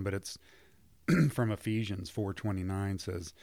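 A man with a very low, gravelly voice, speaking as a marriage counselor in an earnest, affirming way. The sound is close and dry, with no room echo. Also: measured pace, darkish tone. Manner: earnest, affirming, many back-channel hums. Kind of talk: conversational podcast discussion.

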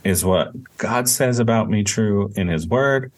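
A man's voice: fairly low pitch, unhurried. A man, a counselor, co-hosting a podcast and earnestly explaining ideas in a casual teaching style. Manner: earnest, explanatory, faith-based.

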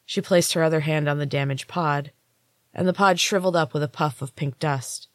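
A woman podcast host narrating a first-person story in a measured storybook reading. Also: sits low, steady tone, no echo, clean studio sound.

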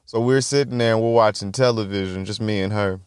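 On this casual solo podcast, a young male host speaks a little fast in a fairly low, steady, clean-toned voice. The recording is dry and studio-clean, and he rambles through profane stories, laughing frequently.

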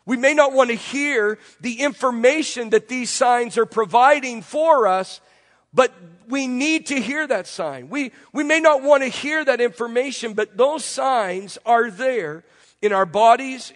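A man's voice: very high voice, fairly bright tone. A man preaching a sermon with a congested voice, asking the congregation rhetorical questions and building repeated phrases. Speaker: pastor. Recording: long reverb from a large room.

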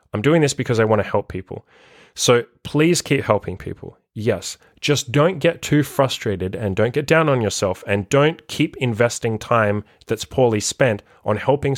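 A man's voice: medium pitch, dry recording, clean studio sound. A man hosting a solo motivational podcast as a life coach, talking bluntly and emphatically and swearing freely.

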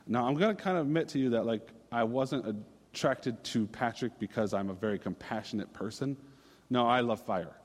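A man's voice: mid-range voice, moderate pace, big-room sound. A man in his thirties from Minnesota, preaching a casual, storytelling sermon with fillers and restarts. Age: 30s.

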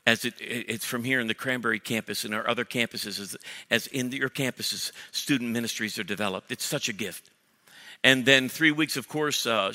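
A male pastor bursting with energy, joking with his congregation and tripping into quick restarts. His voice is bright and sharp, and it is carried on a stage mic into a big auditorium where a long reverb trails every phrase. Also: medium pitch. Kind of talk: sermon announcements. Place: large church auditorium. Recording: long church hall reverb.

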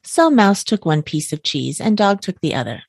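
A woman reading a bedtime story aloud in a calm, even way, close to the mic. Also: lowish voice, moderate pace, husky, no room sound.

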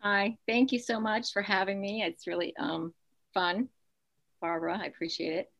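A woman's voice: mid-range voice, steady tone, normal speed, fairly bright tone, muffled recording. Earnest woman telling a hard story. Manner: earnest, emotional, with frequent restarts. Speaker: guest. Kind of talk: personal storytelling in an interview.

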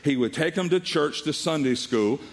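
A middle-aged man preaching a sermon as a pastor, telling a Bible story with animated delivery and acting out the voices of the people in it. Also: a little high, moderate pace, creaky.

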